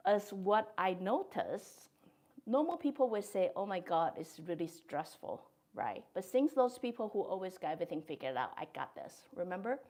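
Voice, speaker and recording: A woman hosts her own podcast in a thoughtful, gentle monologue. Her voice sits a little low for a woman, and her English carries non-native grammar. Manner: gentle, thoughtful, with soft laughs. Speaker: podcast host. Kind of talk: reflective monologue.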